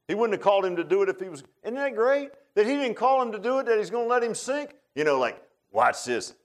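Animated male preacher with joking asides. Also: sits high. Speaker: pastor. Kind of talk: sermon.

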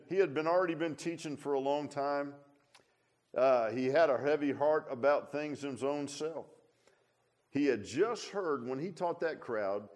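A man's voice: medium pitch, darkish tone. A middle-aged man preaching a sermon in a folksy, conversational way, full of asides to the congregation. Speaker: pastor.

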